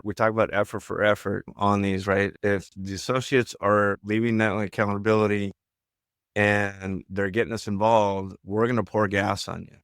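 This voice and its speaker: Smooth low-voiced man co-hosting a podcast. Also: no echo, studio quality. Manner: coaching, emphatic, tag questions. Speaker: podcast co-host. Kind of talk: casual podcast chat.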